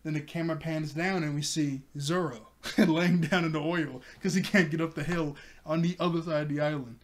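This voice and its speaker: A man casually recapping a cartoon episode, chatty and quick to laugh. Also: a little high, steady tone, a little hiss or hum. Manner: giggly, chatty. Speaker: anime reviewer.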